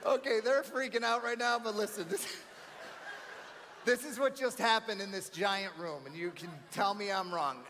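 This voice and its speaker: A man from New York doing energetic, chatty stand-up comedy as a banquet keynote, often calling the crowd friends and man. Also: high-pitched, normal speed. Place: large banquet hall. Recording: live hall reverb with faint room noise.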